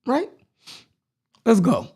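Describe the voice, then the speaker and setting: High-voiced animated woman podcast host. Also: extremely slow, husky. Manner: profane, animated, laughing asides. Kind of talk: live commentary and reading a speech aloud.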